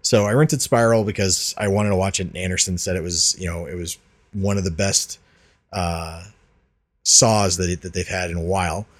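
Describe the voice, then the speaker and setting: A man's voice: low voice, fairly even intonation, moderate pace. A man hosting a casual podcast, talking loosely with frequent fillers and restarts. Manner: rambling, many restarts and fillers. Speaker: podcast host. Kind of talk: casual chat about movies.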